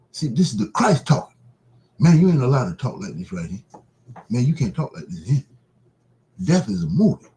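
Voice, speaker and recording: A man hosting his own broadcast, preaching casually in a repetitive, drawn-out way. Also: mid-range voice, sing-song, warm tone, soft background music, rough recording. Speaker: broadcast host.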